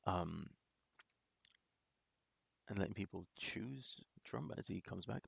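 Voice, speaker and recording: A man's voice: sits low, expressive, slow pace, vocal fry, slightly rough. A man hosting a reaction video, talking in casual commentary that rambles with restarts and small laughs.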